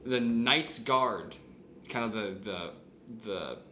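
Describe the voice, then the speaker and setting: A man casually retelling a story on a podcast, animated and swearing, acting out the scenes. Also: medium pitch, slow, slight background noise. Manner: animated, swears, acts out scenes with sound effects. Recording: roomy echo.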